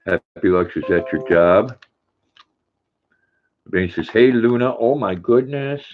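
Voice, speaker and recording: A man's voice: lowish voice, lively intonation, takes it slowly, slight background noise. An older man hosting a livestream, reading viewer chat aloud in a folksy, chatty way. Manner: folksy, warm with his dog, chatty. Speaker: livestream host. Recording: tinny phone-like sound.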